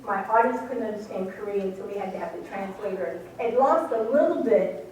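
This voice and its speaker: A woman's voice: mid-range voice, a little fast, a little mellow. A middle-aged woman tells her story to a live audience, acting out the people she quotes. She sits well back from the mic in a very echoey hall. A faint hiss runs underneath. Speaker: radio station manager recounting events. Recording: echoey room from far off, faint noise.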